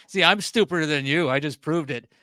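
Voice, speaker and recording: A Canadian man hosts a casual comedy podcast, his voice bright and punchy and a touch high. He laughs a lot and gets excited easily. The sound is dry and close. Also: a little slow, no echo. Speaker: podcast host.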